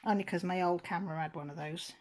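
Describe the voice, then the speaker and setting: A woman's voice: on the low side, steady tone, fast talker, darkish tone. A woman vlogger, chatting casually while unboxing, gushing and near tears.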